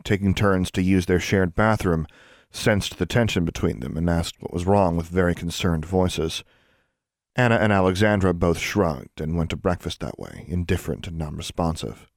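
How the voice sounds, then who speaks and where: A man reading a children's fantasy audiobook in steady, measured narration. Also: low-pitched, no echo, clean studio sound. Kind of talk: scripted narration.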